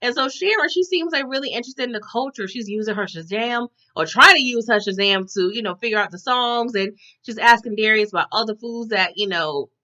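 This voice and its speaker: A woman's voice: a little high, a little fast, few pauses, bright, forceful tone, lo-fi sound. A woman recapping a TV episode in casual chat, often tagging her sentences with "okay?". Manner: chatty, tags lines with "okay?".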